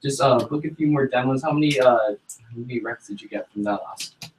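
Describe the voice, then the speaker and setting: A man's voice: medium pitch, brisk, a little hiss or hum. An upbeat man cheers on a new rep in a practice call at a sales workshop. He is heard from a distance in the meeting room, off the mic. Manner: upbeat, encouraging. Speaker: workshop participant in role-play.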